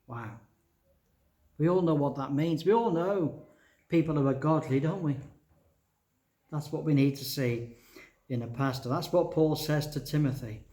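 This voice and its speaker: A man's voice: a little high, darkish tone, echoey room. A male pastor preaching a sermon to his church, explaining scripture line by line and asking the congregation questions.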